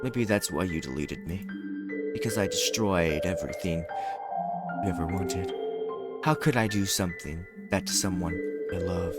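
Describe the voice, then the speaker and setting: A man putting on a lovestruck, possessive teenage girl from a visual novel, teasing one moment and anguished the next. She is read aloud over loud game music, with a voice that sits a little low. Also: moderate pace, lightly acted. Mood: remorseful. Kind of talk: reading a game character's lines aloud.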